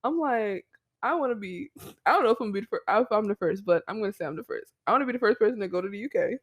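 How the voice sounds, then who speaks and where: A young woman co-host with a mid-pitched voice who talks in a chatty, playful way and giggles often. Her talk is loose and casual. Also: expressive, racing, lo-fi sound. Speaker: podcast co-host. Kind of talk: casual chat.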